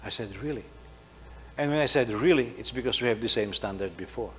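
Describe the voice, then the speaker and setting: A middle-aged man, preaching a sermon, telling a story and swinging between loud emphasis and soft asides. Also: mid-range voice, a little fast. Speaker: pastor. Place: church hall. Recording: faint hum, long hall reverb.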